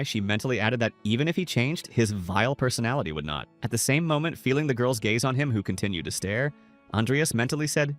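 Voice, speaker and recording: A man narrating a scripted story recap. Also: medium pitch.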